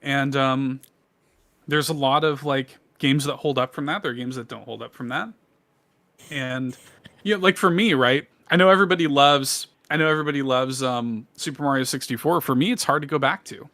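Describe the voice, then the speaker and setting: Enthusiastic, bright-voiced man chatting. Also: medium pitch, moderate pace, no room sound. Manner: enthusiastic, rambling with many fillers. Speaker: podcast co-host. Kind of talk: casual chat.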